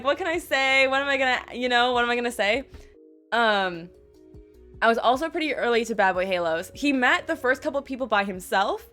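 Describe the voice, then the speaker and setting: Young woman streamer, high voice, bright and sharp tone, gushing chatty storytelling, faint music underneath. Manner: gushing, chatty, lots of "like" and quoted dialogue.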